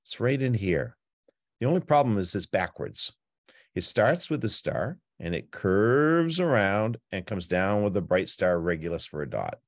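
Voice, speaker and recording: A man presenting a night sky tour, teaching in a chatty, playful way with frequent jumps in pitch. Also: very animated, a little slow, dry recording, clean studio sound. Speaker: planetarium presenter. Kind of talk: informal astronomy talk.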